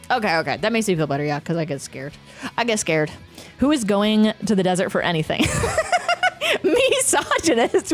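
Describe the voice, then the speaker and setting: A woman hosting a livestream, chatting casually with viewers, swearing freely and fussing over her pet. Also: on the low side. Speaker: livestream host. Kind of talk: casual chat with stream viewers.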